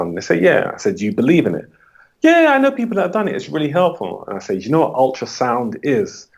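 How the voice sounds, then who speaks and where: Husky low-voiced man from the UK. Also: darkish tone. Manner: acts out client dialogue with rising pitch. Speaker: coach. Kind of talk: interview answer, storytelling.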